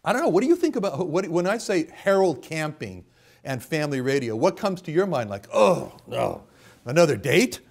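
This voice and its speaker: A man's voice: a little high, sing-song, brisk, darkish tone. A middle-aged man preaching a Bible-teaching sermon in a church chapel, with a dramatic delivery, quoted voices and rhetorical questions.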